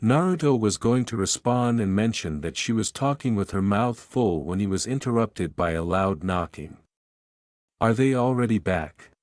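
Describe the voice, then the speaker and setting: Low, dry male storyteller. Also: expressive, normal speed, few pauses, a little mellow, dry recording. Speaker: narrator. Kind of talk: scripted fan-fiction narration.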